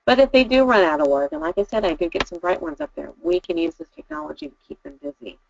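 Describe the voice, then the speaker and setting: A woman's voice: fairly low pitch, very animated, quick pace, vocal fry, slight background noise. A middle-aged woman teacher giving a conversational talk to fellow educators, chatty and practical, with frequent ums and upbeat asides. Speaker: in-school suspension teacher. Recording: dull lo-fi dry recording.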